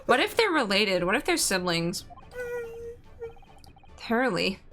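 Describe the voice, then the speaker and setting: A woman's voice: medium pitch, sing-song, slow, a bit bright. A young woman streamer chatting casually and playfully over a game, giggling and joking crudely.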